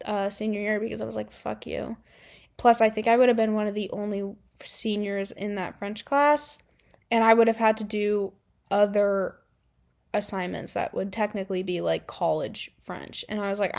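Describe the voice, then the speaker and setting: In a casual vlog, a young adult woman recounts high school stories. She's chatty, with lots of filler words and exasperated outbursts.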